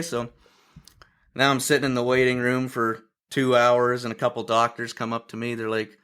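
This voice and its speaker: A man's voice: medium pitch, fairly quick, clean tone. Man from Ontario telling hunting stories. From Ontario, Canada. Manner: lively storyteller who acts out other people's quotes. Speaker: podcast guest. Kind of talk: casual hunting storytelling.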